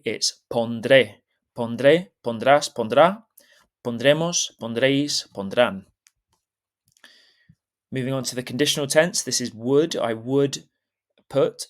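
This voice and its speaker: A man teaching an online Spanish lesson, explaining step by step with clear, careful pronunciation and often checking in with "okay?". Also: mid-range voice. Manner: switches between English and carefully pronounced Spanish.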